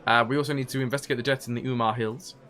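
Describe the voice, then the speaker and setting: A man's voice: medium pitch, fairly even intonation, very fast, sharp tone. A man streaming a role-playing game, reading quest text aloud and joking with his chat in a casual, laughing way. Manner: joking, chatty, laughs often.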